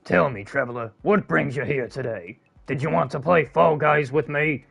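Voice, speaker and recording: A man's voice: a little high, normal speed, creaky, fairly bright tone, slightly rough, faint music behind, exaggerated voice. A man putting on a hearty pirate voice. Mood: hearty welcoming. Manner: theatrical, hearty old-fashioned phrasing. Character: jolly male pirate greeting a traveler. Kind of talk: live gameplay stream.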